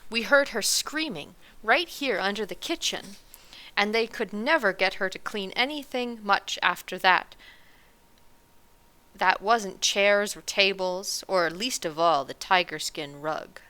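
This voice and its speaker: A woman voicing an anxious, scolding tiny mother in a storybook reading, sharp and emphatic. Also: mid-range voice, measured pace. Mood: chatty.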